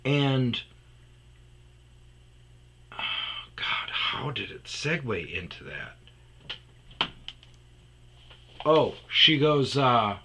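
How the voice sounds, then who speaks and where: A man's voice: medium pitch, very animated, extremely slow, creaky, long pauses, sharp tone, slight background noise, poor audio. A man hosting a podcast, rambling through a personal story and trailing off into mumbles. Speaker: podcast host.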